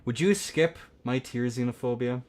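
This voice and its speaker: A young man hosting a game tournament stream, rambling and swearing between bursts of excited play-by-play commentary. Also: medium pitch, normal speed. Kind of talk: casual livestream game commentary.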